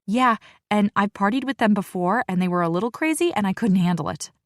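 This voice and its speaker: A woman's voice: medium pitch, expressive, brisk, no echo, studio quality, voice pushed up, natural voice. A woman voicing an anxious young woman warning her friend urgently. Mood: worried. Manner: nervous, urgent.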